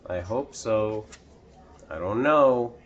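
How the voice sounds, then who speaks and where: A man reading a picture book aloud to children, pausing to ask the listener questions. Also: fairly low pitch, expressive, dull audio, a little hiss or hum. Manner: slow, asks the listener questions. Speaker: children's storytime reader.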